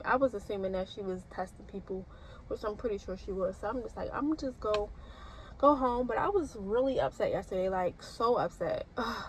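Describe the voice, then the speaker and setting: A woman's voice: medium pitch, slight background noise, low-quality recording. A young woman nursing student, rambling casually to camera with lots of fillers and restarts. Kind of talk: casual vlog talk.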